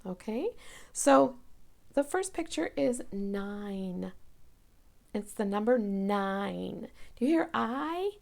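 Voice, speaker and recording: Woman teacher, recorded lesson for little kids; slow, patient, very gravelly. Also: a little high, expressive, a little mellow. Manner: slow, patient, stretches out sounds and words. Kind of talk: remote classroom lesson for young children.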